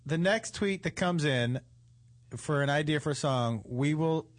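A man co-hosting a comedy talk show, chatting with callers and telling stories with lots of laughter. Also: on the high side. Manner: animated, laughs often, quick comic storytelling. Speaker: radio show co-host.

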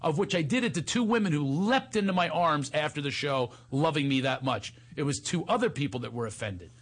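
A man's voice: a little high, animated, fairly quick, fairly bright tone, husky. A man hosting a casual interview chat, laughing often and teasing his comedian guest. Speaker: talk show host, comedian.

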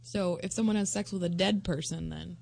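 A woman co-hosting a casual talk show, dropping dry quick quips. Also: lowish voice, steady tone, creaky, darkish tone. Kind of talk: casual comedic banter.

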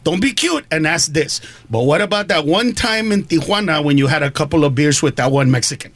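A man voicing a scheming older father who gives blunt, low instructions in a husky voice. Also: animated, a little fast, a bit bright, dry recording. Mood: plotting.

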